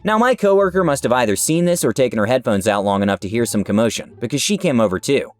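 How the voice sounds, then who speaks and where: Animated man reading internet stories. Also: mid-range voice, fast. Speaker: story narrator. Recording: dry with faint music behind.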